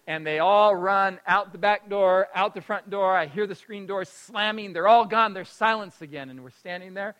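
Man, personal storytelling, high voice, bright and forceful, animated, laughs often, moves between loud and hushed. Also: low-quality recording.

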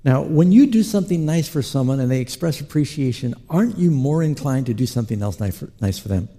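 A man preaching a sermon as pastor, telling lively stories and acting out the people he quotes. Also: mid-range voice, quick pace. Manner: animated storytelling preacher who acts out quotes.

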